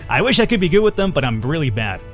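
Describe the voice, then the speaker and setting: A man's voice: a little high, big pitch swings, fast, a bit bright, soft background music. A man hosting a let's play, giving casual gameplay commentary in a chatty, self-deprecating way as he thinks aloud.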